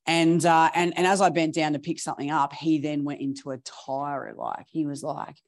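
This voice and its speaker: A woman preaching, telling stories in a chatty, animated way with laughing asides. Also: low-pitched, normal speed. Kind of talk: storytelling sermon.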